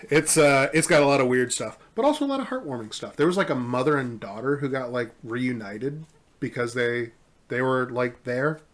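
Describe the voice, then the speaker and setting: A man's voice: mid-range voice, lively intonation, moderate pace. A man co-hosting a podcast in casual chat, reading memes aloud with a wry, amused manner and frequent laughs. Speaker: podcast co-host.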